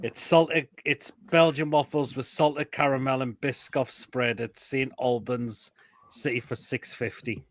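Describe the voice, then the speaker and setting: A man's voice: medium pitch, steady tone, a little slow. A man hosting a casual live stream, reading out comments and crude jokes about food photos. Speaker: host.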